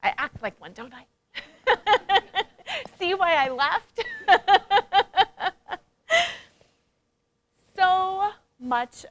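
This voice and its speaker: A woman's voice: high-pitched, a bit bright. A woman speaker and coach giving a motivational conference talk, playful and engaging, who asks the audience questions and acts out quoted voices.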